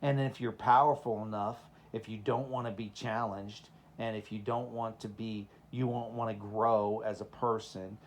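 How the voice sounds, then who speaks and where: A man's voice: fairly low pitch, steady tone, moderate pace, few pauses, slight background noise. A man from Texas with a Southern accent, preaching in a casual, conversational way, telling personal stories and asking the listeners rhetorical questions. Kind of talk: informal sermon with personal stories.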